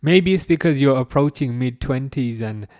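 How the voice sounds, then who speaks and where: A man in his thirties hosting a live football watchalong, chatting casually and reading out comments, with a halting, restarting way of talking. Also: mid-range voice, darkish tone, no echo, clean studio sound. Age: 30s. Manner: halting, many restarts, chuckles often.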